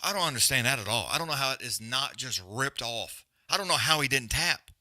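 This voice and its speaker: A man's voice: mid-range voice, very animated, fairly quick, hardly any pauses, bright, forceful tone, no room sound, clean studio sound. A man hosting a livestream, giving casual, profane, rambling commentary on a fight and griping about stream glitches. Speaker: livestream host.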